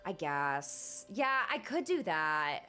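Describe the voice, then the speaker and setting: Bubbly young woman streamer, lively up-and-down voice, chatty, faint music behind. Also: deep voice, slow. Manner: bubbly, chatty, many fillers and laughs. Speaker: livestream host. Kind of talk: casual chat while gaming.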